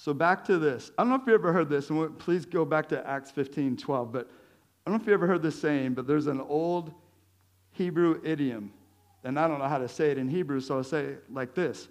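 A slightly high-voiced man preaches in a relaxed, conversational way. He is lively and joking as a pastor, with chuckles dropped between his points. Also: brisk. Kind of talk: conversational sermon.

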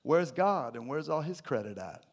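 A man preaching a sermon to his church, animated and jokey, with sudden loud bursts. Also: on the high side, moderate pace, slightly rough. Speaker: pastor.

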